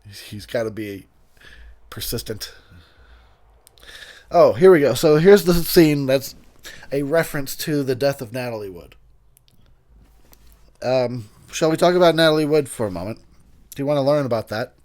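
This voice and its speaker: A tipsy man talks over a movie in a loose, rambling way. He swears freely, laughs a lot and stops mid-sentence when names slip his mind. His voice sits at an ordinary middle pitch. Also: lively intonation, normal speed, long pauses, a little mellow. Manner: rambling, profane, laughs often, loses track of names. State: intoxicated. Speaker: film commentator. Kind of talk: casual movie commentary.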